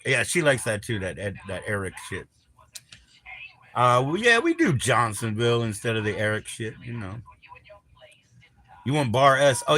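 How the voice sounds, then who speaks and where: A man's voice: fairly low pitch, bright, forceful tone, slight background noise. A man hosting a live stream, chatting in a crude, rambling, teasing way and swearing constantly. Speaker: livestream host.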